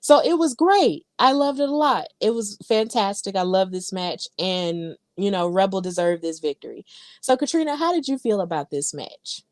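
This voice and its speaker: A woman's voice: mid-range voice, lively intonation, normal speed, dry recording. A woman in her thirties, a podcast co-host, chattily and enthusiastically recapping wrestling matches with many fillers.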